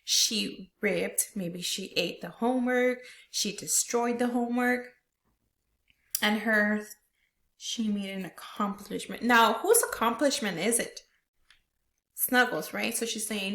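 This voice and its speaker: Higher-voiced teacher in an echoey room. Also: female voice, slow, a bit bright. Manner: explains step by step, tags questions with "right?". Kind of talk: reading lesson walkthrough. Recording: roomy echo.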